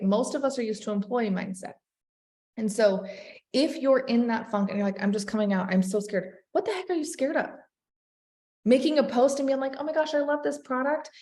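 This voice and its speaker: A woman leading a sales team, giving an energetic motivational talk and calling her listeners "you guys". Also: medium pitch, reverberant. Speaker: network marketing team leader.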